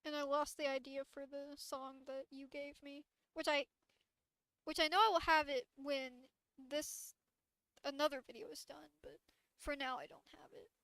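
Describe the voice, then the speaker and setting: A young woman chatting casually on a livestream as the channel's streamer, rambling in a relaxed way with many restarts. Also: high voice, normal speed, no echo.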